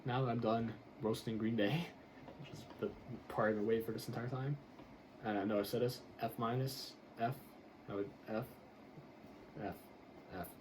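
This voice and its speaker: A man's voice: medium pitch, fairly even intonation, normal speed, pauses often, noisy background. Blunt, exasperated man ranting about football. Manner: blunt, exasperated, swears and laughs while ranting. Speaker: football draft grader. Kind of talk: casual sports commentary.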